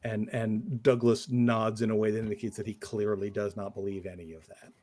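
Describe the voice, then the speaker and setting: A man playing a guilt-ridden occult investigator in a tabletop game, telling his story in halting, hesitant bits. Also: on the low side, little pitch movement, warm tone, natural voice. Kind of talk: in-character tabletop role-play.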